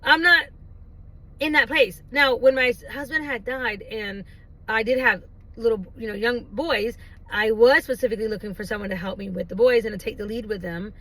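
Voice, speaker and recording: Woman, high voice, animated storyteller, casual chat, middle-aged, phone camera. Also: rough recording. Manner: animated, laughing storyteller who acts out her own squeals. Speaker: vlogger. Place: in a parked car.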